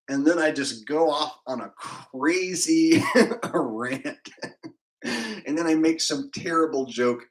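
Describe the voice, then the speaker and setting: A man's voice: mid-range voice, fairly bright tone, poor audio. A man livestreaming, chatting casually and jokingly with his viewers in a rambling, off-the-cuff way. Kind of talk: casual chat with live viewers.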